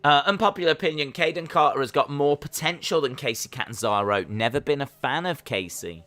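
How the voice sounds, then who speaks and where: A man hosting a casual live watch-along stream, calling the action and answering chat questions, sometimes jumping into high-pitched disbelief. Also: fairly quick, dry recording. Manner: breaks into high-pitched disbelief when excited. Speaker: live stream reaction host.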